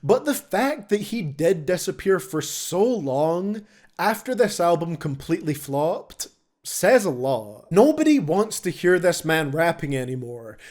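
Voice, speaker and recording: A man's voice: high voice, darkish tone. Sarcastic young man reviewing albums. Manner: blunt, sarcastic. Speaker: music reviewer. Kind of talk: scripted review commentary.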